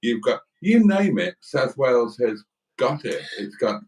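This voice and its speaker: A man's voice: medium pitch, big pitch swings, measured pace, a little mellow. A man co-hosting a casual live stream, enthusiastic and a little mock-grand when he talks things up. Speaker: livestream co-host. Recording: voice distant from the mic.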